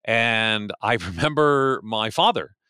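A man hosting a podcast, talking in a chatty, animated way and often correcting himself mid-sentence. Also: fairly low pitch, slow, smooth, no echo, studio quality. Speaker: podcast host. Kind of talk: casual podcast talk.

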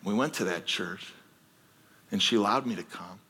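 Pastor, male, sermon delivery: bright, husky tone, earnest storytelling that builds to emphatic appeals. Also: on the low side, normal speed.

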